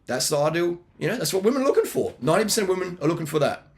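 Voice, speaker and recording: A man's voice: high voice, sing-song, rapid-fire. A middle-aged man giving blunt, slangy dating advice in a casual monologue, with laughing asides. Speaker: video blogger answering viewer questions.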